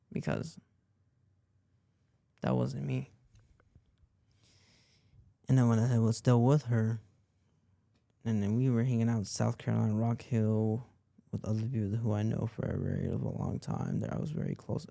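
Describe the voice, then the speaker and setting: A man's voice: medium pitch, vocal fry, dark tone, no room sound, clean studio sound. A young man hosting a podcast, telling a personal story in a rambling way and leaning on "like" and repeated phrases. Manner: rambling, repeats himself, lots of "like". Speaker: podcast host.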